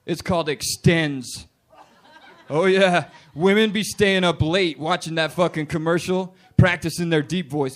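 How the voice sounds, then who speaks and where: Man, late twenties, stand-up comedian, brash, profane, punchy, fairly high voice. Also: measured pace. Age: 20s. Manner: profane, loud, punchy delivery with put-on voices. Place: bar stage with live audience.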